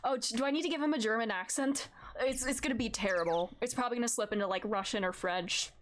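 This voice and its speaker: A woman's voice: a little high, fast, a little hiss or hum. A woman streamer giving casual, giggly commentary while she plays a game, recorded at a desk microphone in her home setup. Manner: giggly, animated.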